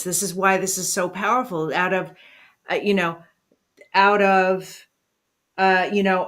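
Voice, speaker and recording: A woman hosting a talk show, speaking with emotion and warm affirmation to her guest. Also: mid-range voice. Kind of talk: interview conversation.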